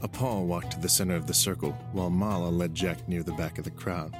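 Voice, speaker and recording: A man with a very deep voice narrates a novel chapter in a steady storytelling manner. Clear music plays underneath him. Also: brisk. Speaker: audiobook narrator. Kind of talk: scripted narration.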